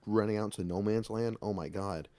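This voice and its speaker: A man co-hosting a podcast, talking casually in halting, rambling bursts. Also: on the low side, mellow, no echo. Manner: rambling, halting, laughs often. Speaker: podcast co-host. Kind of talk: casual chat.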